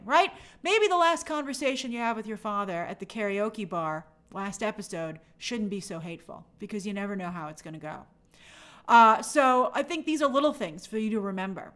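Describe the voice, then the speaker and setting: Bright-voiced chatty woman streamer. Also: on the high side. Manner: chatty and animated, reads viewer comments aloud. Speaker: host of a TV and film news show. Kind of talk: casual live-stream commentary.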